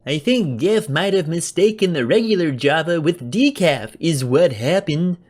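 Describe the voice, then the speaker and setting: Man doing yelping excitable henchman Tommy. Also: unhurried. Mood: frantic, excited. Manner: high-pitched, loud and yelping.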